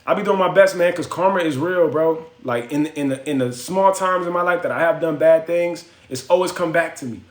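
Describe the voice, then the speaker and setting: Fast-talking man telling a story on a livestream. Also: a little high. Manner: animated storyteller acting out quotes, slangy. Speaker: livestream host. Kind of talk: casual storytelling to live chat. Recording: echoey room.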